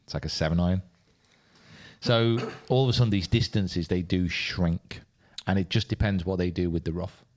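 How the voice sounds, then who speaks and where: A man's voice: low-pitched, normal speed, darkish tone. A man co-hosting a casual golf podcast who jokes around and laughs at himself. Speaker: podcast co-host. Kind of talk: casual chat.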